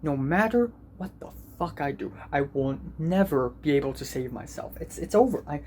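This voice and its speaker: A man's voice: a little high, lively intonation, normal speed, darkish tone, a little hiss or hum. A teenage boy vlogging as a student, venting in an angry, profane and self-deprecating way. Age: teens. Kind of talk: ranting vlog.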